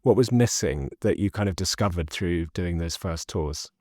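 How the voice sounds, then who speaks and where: A man hosting a podcast, asking measured, slightly halting interview questions. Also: sits low, darkish tone, dry recording, studio quality. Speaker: podcast host.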